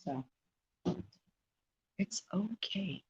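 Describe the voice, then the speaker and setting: A woman's voice: mid-range voice, lively intonation, extremely slow, darkish tone, slightly rough, highs cut off. A woman casually chatting on a live stream, rambling and laughing at herself. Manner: rambling, self-deprecating, laughs often.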